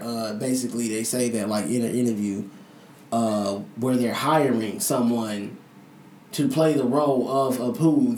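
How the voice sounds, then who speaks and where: A man's voice: medium pitch, darkish tone. A man co-hosting a podcast in casual chat, talking loosely and profanely as he rants. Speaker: podcast co-host. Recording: echoey room, mic at a distance, faint noise.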